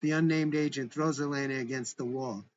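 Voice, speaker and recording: A man's voice: medium pitch, measured pace, muffled recording, a little hiss or hum. A man reading a script aloud with stage directions in a plain, matter-of-fact way. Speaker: narrator and author.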